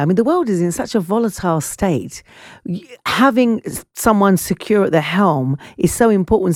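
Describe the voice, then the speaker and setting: A woman's voice: lowish voice, a little mellow, dry recording, studio quality. Woman hosting a live radio show. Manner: conversational, with fillers and restarts. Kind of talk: live radio current-affairs interview.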